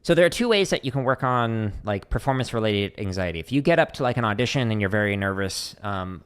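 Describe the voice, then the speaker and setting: A man from Arizona teaching drumming on a casual livestream, talking in a relaxed, rambling way with lots of fillers. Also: mid-range voice. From Arizona, USA. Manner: relaxed, chatty, many fillers, counts strokes aloud. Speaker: drum teacher streaming Q&A.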